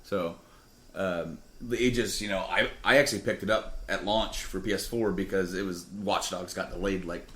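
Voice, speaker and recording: A podcast host with a deep, steady, sharp-toned voice talks at a normal speed in a studio. He's hosting a gaming podcast, chatting casually and rambling loosely while drinking beer.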